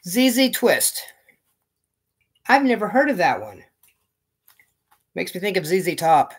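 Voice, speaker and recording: A man's voice: high-pitched, sing-song, measured pace, slightly rough. A man chatting casually as he opens fan mail on his knitting vlog, gushing and thinking aloud. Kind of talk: casual unboxing chat.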